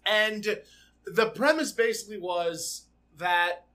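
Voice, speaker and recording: A man's voice: high-pitched, slow pace. A man co-hosting a podcast, recapping a TV episode in casual chat and acting out the characters' lines with animation. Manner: animated, acts out characters' lines while retelling. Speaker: podcast co-host.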